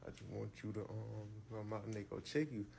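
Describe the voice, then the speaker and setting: A man voicing his worried mother as she softly pleads with her son, repeating herself. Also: on the low side, steady tone, brisk, gravelly, a little hiss or hum. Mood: pleading.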